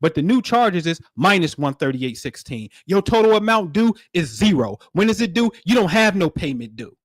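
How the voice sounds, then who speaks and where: A man hosting a spiritual livestream, talking in animated, preachy street slang. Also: high-pitched, moderate pace, dry recording, studio quality. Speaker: livestream host.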